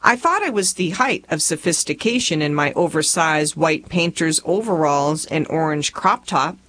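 A woman's voice: deep voice, lively intonation, normal speed, a bit bright, slight background noise. A woman in her forties from rural Tennessee with a Southern accent, reading her own memoir aloud in a folksy, humorous storytelling manner. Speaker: memoir narrator.

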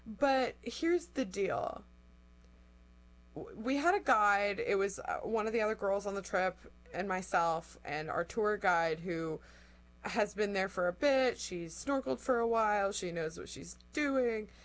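A young woman telling a story in a casual chat, animated and acting out quotes, with lots of "like". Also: mid-range voice, unhurried. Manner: animated, acts out quotes, says "like" often.

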